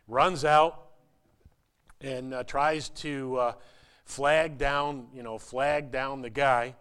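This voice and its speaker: A male pastor preaching a sermon in a halting, repetitive way, with a story woven in. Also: medium pitch, fairly even intonation, fairly bright tone, smooth.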